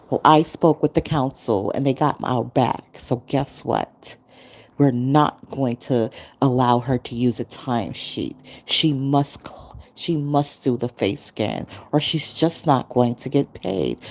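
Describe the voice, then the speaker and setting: A woman's voice: rumbling low, measured pace. A woman in her forties hosting a podcast, talking casually and acting out quotes as she tells a story. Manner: animated storytelling, acting out others' quotes, frequent laughter. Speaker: podcast host. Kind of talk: casual monologue. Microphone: podcast mic.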